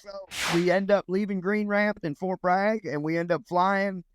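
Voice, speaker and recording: A man's voice: high voice, fairly even intonation, a little slow, clean tone, no room sound. A man, telling a long, rambling story as an interview guest, restarting sentences and acting out quotes. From United States. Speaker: guest, former Army Ranger.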